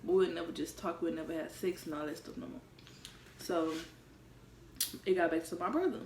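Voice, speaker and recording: A woman's voice: on the low side, normal speed, a little mellow, slight background noise. Candid young woman telling a story. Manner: candid, profane, conversational storytelling. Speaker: vlogger. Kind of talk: casual storytime vlog. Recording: roomy, mic set far off.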